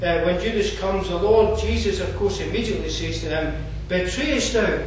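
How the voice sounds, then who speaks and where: A man with a Scottish accent preaching a sermon, conversational and digressive, often pausing with fillers and restarting his sentences. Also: high-pitched, noisy background. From Scotland. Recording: echoey room from far off, faint ambience.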